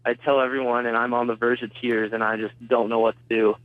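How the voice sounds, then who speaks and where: A man's voice: medium pitch, little pitch movement, fast, dry recording. Teen guy on a phone call, tinny and dry sound, lots of ums and restarts. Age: teens. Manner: hesitant, retelling events with many fillers. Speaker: student interviewee. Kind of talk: phone interview.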